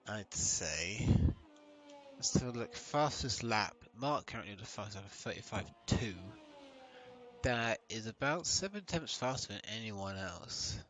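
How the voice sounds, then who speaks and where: A man calls an online race in a loose, conversational way, breaking into laughter now and then. His voice sits a little low, and his easygoing pace never feels scripted. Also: a little slow. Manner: relaxed, chatty, laughs often. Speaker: race commentator. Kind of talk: casual live race commentary.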